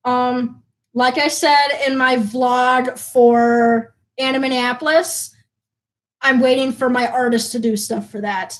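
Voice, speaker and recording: A woman with a high, light voice hosts a relaxed live stream challenge. She bosses her guests around in a teasing way and laughs often as she talks. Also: slow pace, rough recording. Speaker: stream host.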